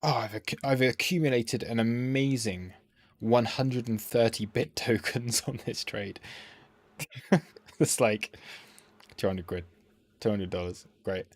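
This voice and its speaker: A man hosting a trading livestream, rambling and thinking out loud as he walks through charts in a casual, self-deprecating way. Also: medium pitch, measured pace, pauses often, no echo.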